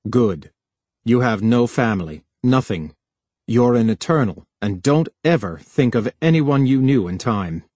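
A man's voice: medium pitch, animated, unhurried, darkish tone, no room sound. Brief: male narrator as a defensive young technician, clipped and stern, dry close sound. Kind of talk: audiobook character voice.

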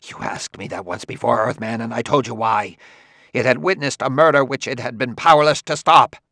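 A man voicing a proud male roboticist who answers stiffly and defensively, often lower and quieter than the narration. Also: normal speed, no room sound, studio quality.

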